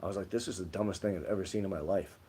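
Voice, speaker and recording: A man's voice: low-pitched, very fast, warm tone, slightly rough. Rambling man chatting on a livestream. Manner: rambling storytelling, many "like" fillers. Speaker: livestream co-host. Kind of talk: casual livestream chat reading comments.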